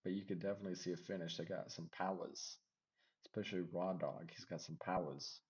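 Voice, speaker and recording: A man giving casual MMA fight predictions, rambling and second-guessing himself out loud. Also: low-pitched, brisk, muffled recording. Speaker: MMA fight picks vlogger.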